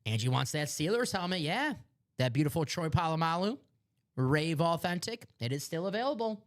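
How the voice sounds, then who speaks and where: A man's voice: on the high side, sing-song, moderate pace. A man with a Chicago accent hosting a live memorabilia break stream, upbeat and joking as he hypes items. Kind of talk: live stream sales chat.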